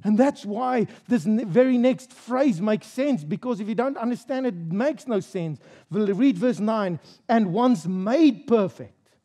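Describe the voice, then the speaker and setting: A man's voice: high voice, lively intonation, a little slow, warm tone. A male pastor preaching a sermon in a church service, stressing his points with rhetorical questions and repeated phrases.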